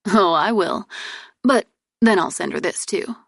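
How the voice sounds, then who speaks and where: A woman's voice: mid-range voice, expressive, unhurried, gravelly, no echo, clean studio sound. A woman reader voicing a teasing, amused young prince, the heroine's twin brother, in an audiobook.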